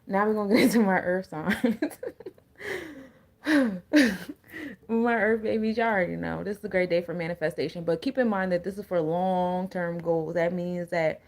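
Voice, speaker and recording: A woman's voice: fairly low pitch, fairly even intonation, brisk. Blunt, slangy woman giving spiritual readings. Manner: blunt, slangy, joking asides to viewers. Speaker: energy coach and tarot reader. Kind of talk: casual spiritual reading to viewers.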